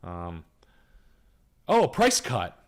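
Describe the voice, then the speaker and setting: A man's voice: fairly low pitch, wildly swooping pitch, slow pace. A young man hosting a livestream, talking casually and crudely in rambling comic riffs. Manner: crude, rambling, acts out goofy voices. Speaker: livestream host. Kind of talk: casual comedic chat.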